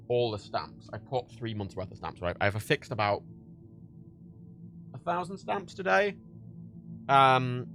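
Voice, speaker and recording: A man's voice: on the low side, creaky, fairly bright tone. A man from Ireland, hosting a livestream, chatting casually and rambling with repeated words and fillers while he packs prints at home. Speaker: livestream host. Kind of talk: casual chat while packing orders. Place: home workspace, packaging prints.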